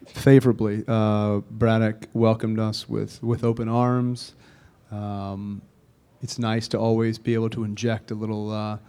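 Male director for a press junket: low, mellow, deliberate voice with little melody. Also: level tone, clear, resonant tone. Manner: measured, deliberate, with occasional fillers. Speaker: film director and writer. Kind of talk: press interview answers.

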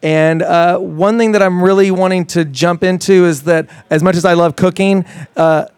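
A man's voice: high-pitched, fairly even intonation, normal speed, a little mellow, clean tone, no room sound. A man talking at a live interview, enthusiastic and rambling, with frequent restarts and fillers. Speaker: fitness trainer guest. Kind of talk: casual interview talk.

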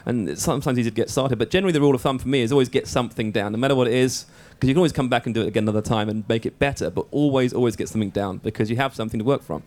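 Brief: quick, chatty male writer at a panel, rattling off explanations. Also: medium pitch, darkish tone. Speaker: screenwriter and director guest. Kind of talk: casual panel Q&A. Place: event hall with live audience.

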